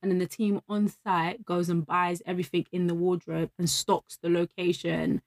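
A woman's voice: lowish voice, flat delivery, normal speed. Chatty woman telling stories. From London. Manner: chatty, storytelling, laughs often. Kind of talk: casual chat.

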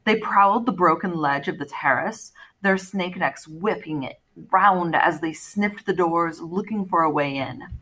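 A woman's voice: lowish voice, a little slow, few pauses, fairly bright tone, breathy edge. A woman reading a story aloud as audiobook narration, telling it expressively and acting out the characters' lines. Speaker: audiobook reader.

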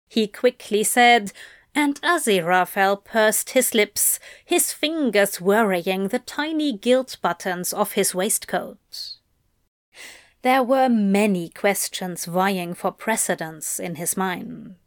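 A woman reading a story aloud in a slow, gentle and expressive way. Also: medium pitch, no room sound, clean studio sound. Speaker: narrator.

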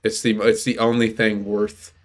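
A man's voice: lowish voice, flat delivery, moderate pace. A young man co-hosting a casual faith podcast, rambling and restarting his sentences. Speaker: podcast co-host. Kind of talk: casual chat.

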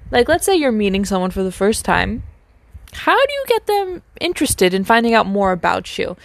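A woman's voice: medium pitch, very animated, moderate pace, gravelly, no room sound. A woman co-hosting a podcast, casually introducing the topic in a friendly way with fillers. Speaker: podcast co-host.

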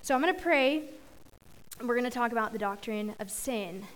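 A woman's voice: on the high side, moderate pace, a little hiss or hum, poor audio. A young woman giving a youth sermon, praying and reading scripture in a casual, chatty way that laughs off her own slips. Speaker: youth speaker.

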